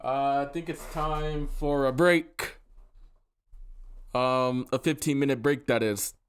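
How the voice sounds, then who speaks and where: A man's voice: mid-range voice, fairly even intonation, slow, clean tone. A man commenting on a livestream, making amused side remarks. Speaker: co-streamer. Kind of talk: casual commentary.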